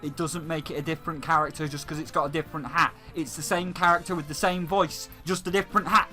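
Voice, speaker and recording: A man's voice: fairly high pitch, steady tone, fast talker, pushed and bright, soft background music, poor audio. A man hosting a gaming channel, delivering a heated, profanity-laced rant that hammers the same points again and again. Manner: heated, swearing, repetitive ranting. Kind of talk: profane video game rant.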